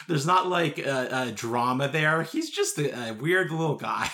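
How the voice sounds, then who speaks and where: Man, bright voice, casual podcast co-host, wry jokey asides. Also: fairly high pitch, big pitch swings, unhurried. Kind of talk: casual movie recap chat.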